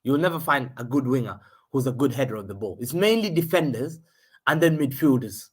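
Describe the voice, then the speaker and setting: A husky, excitable man gives live football watchalong commentary. His pitch swings widely as he jumps between play-by-play and slangy asides. He repeats phrases as the action unfolds. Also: brisk. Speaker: fan host of a live match watchalong.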